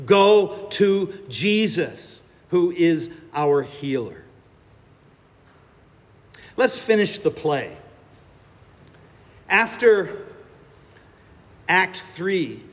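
Slow, earnest male preacher. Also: high voice. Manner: dramatic, earnest storytelling. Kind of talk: sermon with storytelling. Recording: reverberant hall with music behind.

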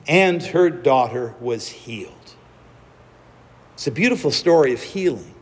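A man preaching a sermon, telling the story slowly and dramatically with acted-out quotes. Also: mid-range voice, lively intonation, in a large hall.

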